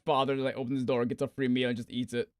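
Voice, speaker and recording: A man's voice: medium pitch, flat delivery, fast, crowd noise. A young man streaming a game, ranting and swearing in melodramatic outbursts in a casual chat. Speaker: gaming streamer. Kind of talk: casual live-stream chatter.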